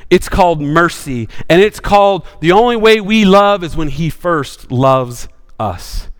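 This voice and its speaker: A male pastor preaching with passion, swinging from bold rises to sudden hushed drops. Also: fairly high pitch, lively intonation, unhurried, long reverb tail. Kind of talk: sermon.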